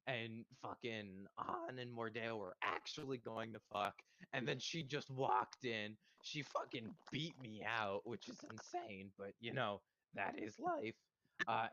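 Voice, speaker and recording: A man's voice: fairly low pitch, bright, forceful tone, no echo, highs cut off. A man casually recapping the last session of a tabletop game, rambling and swearing, with a strained voice. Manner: rambling, profane, with many fillers. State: strained voice after a long session.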